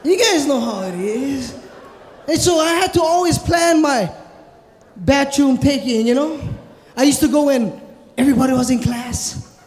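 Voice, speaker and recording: A man doing stand-up comedy on stage, animated and shouting his punchlines. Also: very high-pitched, measured pace. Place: hotel showroom stage. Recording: echoey hall, live noise.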